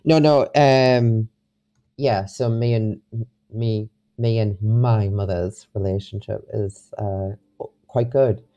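A man's voice: on the low side, fairly even intonation, slow pace, warm tone. A young man, rambling with many restarts as an interview guest. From England. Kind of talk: casual interview.

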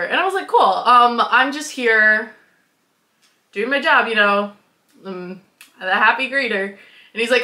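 This young Wisconsin woman shares a story on her vlog in a giggly, bubbly way, packed with "like" and performed quotes. Her voice is on the high side with a sharp tone at a moderate pace. The recording is reverberant.

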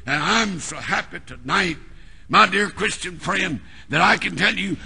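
An older American man preaching a sermon in the old-time style, with a raspy voice, shouted climaxes and long drawn-out words. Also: sits high, sing-song. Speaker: pastor.

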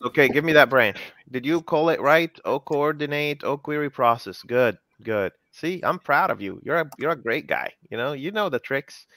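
A man's voice: on the high side, expressive, moderate pace, hardly any pauses, bright, forceful tone, dry recording. A man hosting a live coding session, chatting casually and teasing his co-hosts, with lots of "you know".

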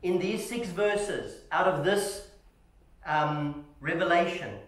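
A man preaching a sermon in a church, telling stories with animated shouts, calling the congregation "family" and asking "Amen?". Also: sits high, takes it slowly. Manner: animated storytelling, acting out shouts. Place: church hall. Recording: echoey church hall.

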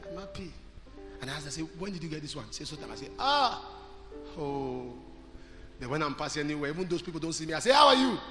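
A man with a Nigerian accent preaching a sermon, moving between loud, shouted lines and quiet storytelling and often asking his listeners questions. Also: on the high side, rapid-fire, hardly any pauses. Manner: swings from shouting to soft storytelling, asks the crowd questions. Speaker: pastor. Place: church hall. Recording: large hall with reverb and music behind.

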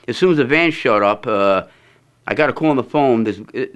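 A man's voice: medium pitch, lively intonation, normal speed, a bit bright. A man telling a rambling, funny anecdote, full of fillers and restarts, often breaking into laughter. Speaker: storyteller. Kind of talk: casual anecdote.

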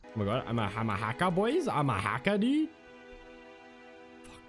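A man's voice: mid-range voice, wildly swooping pitch, normal speed, fairly bright tone, faint music behind. A man playing a horror game, swearing constantly and breaking into panicked yelps and nervous laughter. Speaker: gamer.

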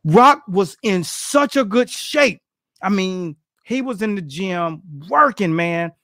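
A middle-aged man tells boxing stories with lots of energy, acting out what people said. His voice sits high for a man. The sound is dry and close, with no room around it. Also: slow, dry recording. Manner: animated, acts out quotes, laughs often. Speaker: boxing coach, guest. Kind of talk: storytelling in casual interview.

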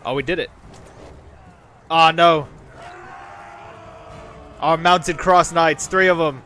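A man giving excitable gameplay commentary, exclaiming often as the fight unfolds and rallying his troops. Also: a little high, takes it slowly, slight background noise. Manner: rallies his game troops with shouted battle cries. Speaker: gaming video host.

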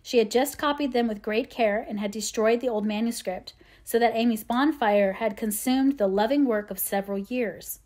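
A woman reads a classic novel aloud as an audiobook, in a measured and expressive way. Her voice sits slightly high for a woman. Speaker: audiobook reader. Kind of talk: scripted narration.

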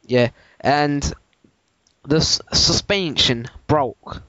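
A man's voice: a little high, sharp tone, no echo, heavily acted. A man playing a hillbilly truck owner in a prank phone call, with a put-on Southern accent, rambling and restarting his sentences. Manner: rambling, halting, many restarts. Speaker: prank caller. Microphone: phone line. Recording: dull lo-fi prank call recording.

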